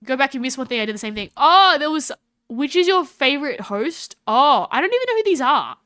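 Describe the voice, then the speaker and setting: A woman chatting casually on her live stream, animated and full of laughs and restarts. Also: high voice, brisk, no echo, clean studio sound.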